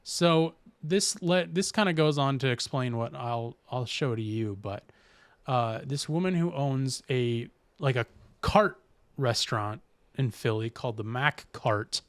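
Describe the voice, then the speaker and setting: A man's voice: medium pitch, a little slow, no echo. A man hosting a podcast in casual chat, rambling and reading news aloud with restarts. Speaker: podcast host.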